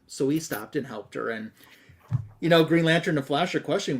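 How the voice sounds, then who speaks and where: A man with a slightly raised pitch walks through a vintage comic plot as the host of a casual chat show. He talks in an amused, relaxed way and drops quick quoted lines from the characters into his recap. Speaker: podcast host. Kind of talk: casual retelling of a comic story.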